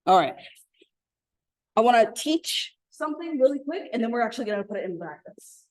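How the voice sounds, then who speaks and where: A woman leading an interactive communication workshop for a live group, acting out example lines with lively emphasis. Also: a little high, a little fast. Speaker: workshop facilitator. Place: room with live audience. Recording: echoey room.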